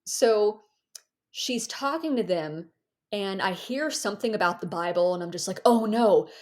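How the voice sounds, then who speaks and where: A young adult woman tells a story on a podcast with lively, self-mocking energy. She jumps into the voices of the people in her tale, and her pitch sits in a middle range. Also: moderate pace. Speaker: guest, author and ex-Jehovah's Witness activist. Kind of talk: casual storytelling in a podcast interview.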